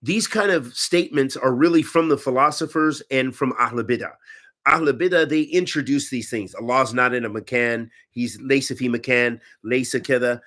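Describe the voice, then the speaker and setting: Guy answering religion questions, chatty and lively, lots of restarts, mid pitch. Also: normal speed, few pauses. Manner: conversational, animated, with frequent restarts. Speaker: Islamic teacher answering questions. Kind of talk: Q&A talk.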